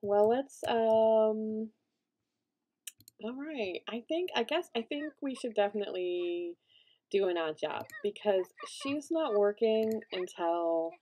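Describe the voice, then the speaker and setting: A woman's voice: fairly high pitch, animated, slow pace, mellow. A woman casually commenting on her own gameplay, rambling with lots of fillers and restarts. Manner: rambling, many fillers, bursts into panicked shrieks and laughter. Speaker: let's play gamer.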